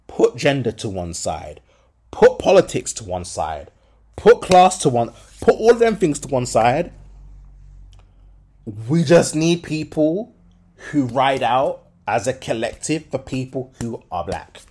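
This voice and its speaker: A man's voice: mid-range voice, sing-song, slow pace, a little mellow, breathy edge. A young adult man, hosting a solo podcast and talking candidly in slangy speech with many fillers. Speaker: podcast host.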